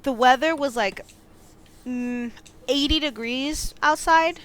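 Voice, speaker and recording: A young American woman on a podcast, telling animated stories and laughing often. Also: high voice, slow, clear, resonant tone. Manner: animated storyteller, laughs often, says "like" and "dude". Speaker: podcast co-host. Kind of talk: casual chat.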